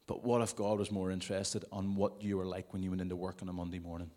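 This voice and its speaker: Guy preaching at a church service, lowish voice, chatty with little jokes on the side. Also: flat delivery, fast talker, dark tone. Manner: conversational, with jokey asides. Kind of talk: sermon. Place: church service before a congregation.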